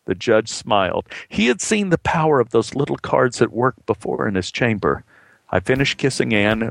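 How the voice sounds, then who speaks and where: A man telling a personal story in a measured, heartfelt way, acting out the dialogue as he goes. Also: mid-range voice, vocal fry.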